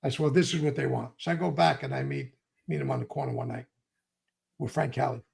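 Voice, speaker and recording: A man's voice: medium pitch, fairly even intonation, fast talker, vocal fry, darkish tone. An older man, telling a long story in an interview and acting out both sides of old arguments. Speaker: interview guest.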